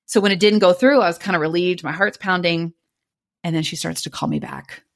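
A young adult woman, a podcast guest, retelling a personal story in an animated way and acting out the dialogue. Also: lowish voice, brisk.

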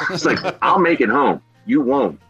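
A man's voice: medium pitch, pushed and bright, slightly rough, muffled recording. A man from Philadelphia telling a story on a podcast as a guest, swearing and acting out every quote. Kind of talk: casual storytelling chat.

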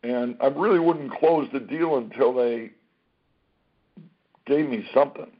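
A man telling a career story as an interview guest, animated, acting out what people said and swearing freely. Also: medium pitch, unhurried. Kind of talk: casual anecdote-telling. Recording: dull lo-fi recording.

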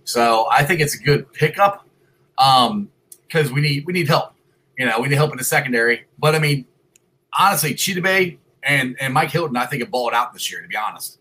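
Lively, bright-voiced middle-aged man hosting. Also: medium pitch, husky. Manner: excited, rambling, shouty greetings. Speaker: sports show host. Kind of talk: casual sports talk show. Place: son's house, on a computer.

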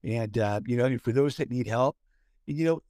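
A man's voice: medium pitch, darkish tone, dry recording. Guy cohosting a podcast, lots of ums and restarts, dry close sound. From Southern California. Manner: halting, many fillers and restarts. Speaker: podcast co-host. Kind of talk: casual chat.

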